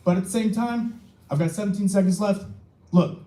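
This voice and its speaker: Brief Young man, high voice with a mellow tone, furious public commenter, echoey council room. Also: moderate pace. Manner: angry, emphatic, swears, rhetorical questions. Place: city council chamber.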